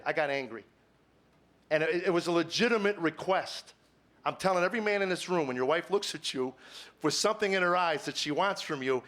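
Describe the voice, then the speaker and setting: A middle-aged man doing confessional stand-up on stage before a live audience. He talks earnestly, stammers over repeated words, and swings between quiet musing and emphatic, preacher-like points. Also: fairly high pitch. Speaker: comedian.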